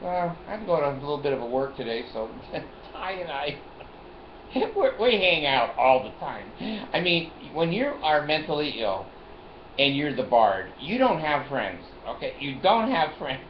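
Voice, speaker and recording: In a roomy, dull lo-fi recording with faint hiss, an older vlogger wanders through a personal anecdote, laughing often and saying things more than once. He speaks in a fairly high, sing-song voice at a moderate pace.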